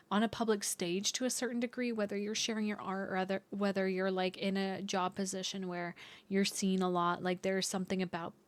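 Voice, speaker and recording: A woman giving an intuitive tarot reading to her viewers, talking in a dreamy, searching way with many fillers and restarts. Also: mid-range voice. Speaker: tarot reader.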